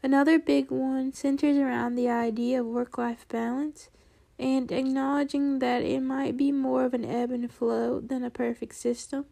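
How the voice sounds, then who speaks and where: A woman hosting a reflective solo podcast, a little nasal from allergies, speaking in a gentle, earnest way. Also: high-pitched, little pitch movement, normal speed, gravelly. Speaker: podcast host.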